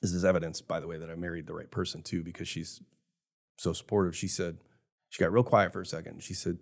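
A man's voice: deep voice, level tone, fast talker, gravelly. A man in his fifties who owns a jewelry store, talking earnestly and reflectively in a casual podcast conversation. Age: 50s. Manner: earnest, reflective, emotional at times.

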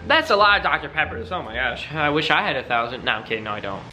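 A male vlogger talks in a hyper, dramatic style, his pitch leaping around with every exclamation. His voice is bright and sharp, and faint music plays behind him. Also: sing-song, quick pace. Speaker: YouTube host. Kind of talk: excited reaction vlog.

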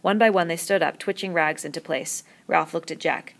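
A woman reading a novel aloud in a steady storytelling voice. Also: low voice, normal speed, vocal fry. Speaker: reader.

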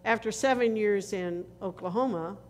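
A woman pastor preaching a sermon in a church, slow and earnest, with dramatic pauses. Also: mid-range voice. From northern United States. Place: church sanctuary. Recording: reverberant church hall with faint noise.

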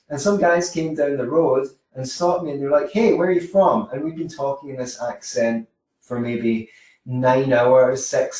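A man teaches social skills in a loose, rambling way, full of anecdotes and self-corrections. His voice is mid-pitched and comes from a distance, in a strongly echoing room. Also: darkish tone. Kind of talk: informal teaching monologue. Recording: very echoey room, mic far off.

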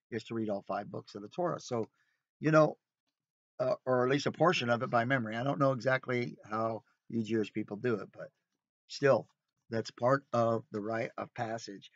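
A man leads an informal Bible study, mixing rhetorical questions with emphatic, conversational asides. His voice sits at an average pitch. The recording is dry and somewhat dull, as if captured on modest gear inside an RV. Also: no echo. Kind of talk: informal sermon. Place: recreational vehicle.

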